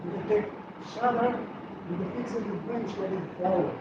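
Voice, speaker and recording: Halting man speaking from far off. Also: high-pitched. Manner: halting, broken phrasing. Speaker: class participant. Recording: distant, dull and noisy in an echoey room.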